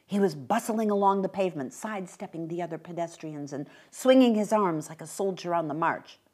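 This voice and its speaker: A woman reading a short story aloud with expressive, brisk narration. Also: lowish voice. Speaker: reader.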